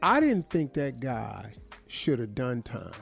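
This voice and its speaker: A man's voice: medium pitch, big pitch swings, slow, vocal fry, faint music behind. A man hosting a radio morning show, telling stories in loose, slangy talk and often repeating himself. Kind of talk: animated casual storytelling. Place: radio studio.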